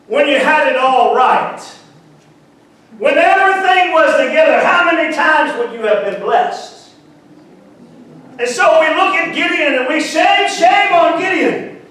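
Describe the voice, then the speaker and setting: High-voiced pastor fired up, shouting to his church, big booming hall, distant mic. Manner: fervent, calls out to the congregation, shouts at peaks. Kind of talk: sermon. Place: church sanctuary.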